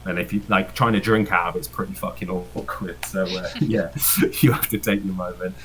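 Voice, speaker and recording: A man's voice: low voice, steady tone, moderate pace, fairly bright tone, low-quality recording. A man narrating as game master in a tabletop game, rambling with many fillers and frequent laughs.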